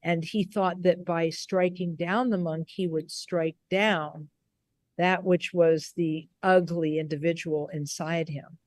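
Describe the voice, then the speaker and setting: A woman Buddhist teacher telling a story on a video call, unhurried and given to restarts and repeated words. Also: fairly low pitch, steady tone, darkish tone, no room sound, studio quality. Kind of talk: storytelling in a recorded conversation.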